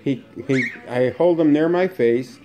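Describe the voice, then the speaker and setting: A man narrates a casual home video of his pet parakeets, filming them in a room at home while soft music plays. His voice is a little slow and a little mellow, and he coaxes the bird in a high sing-song.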